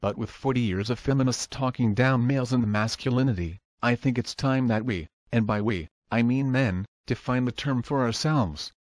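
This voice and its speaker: A man's voice: mid-range voice, darkish tone, no room sound, clean studio sound. Sarcastic man reading scripted commentary. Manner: sarcastic, answers quoted lines with rhetorical questions. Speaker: video commentator.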